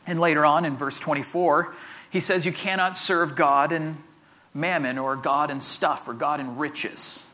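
High, bright-voiced man preaching casually. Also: steady tone, measured pace. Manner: chatty, repeats words, jokey asides. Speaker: pastor. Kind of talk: conversational sermon.

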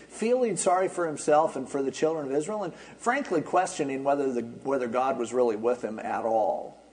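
A man's voice: a little high, a little mellow, rough recording. A man pastor preaching an expository sermon, explaining in a conversational way with wry asides.

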